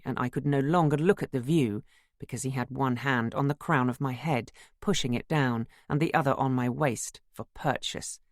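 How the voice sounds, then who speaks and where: A narrator giving a measured, literary first-person audiobook reading. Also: male voice, mid-range voice, no room sound, studio quality.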